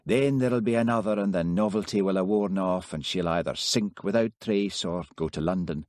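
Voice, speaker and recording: A man doing a skeptical Highland policeman. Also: moderate pace, a little mellow, dry recording, natural voice. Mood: exasperated. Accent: Scottish Highland. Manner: dry, mocking, exasperated.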